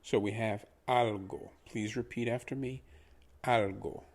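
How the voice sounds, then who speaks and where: A man teaching pronunciation in a patient lesson, repeating each word slowly for the listener to copy. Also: medium pitch, steady tone, a little mellow. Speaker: language teacher.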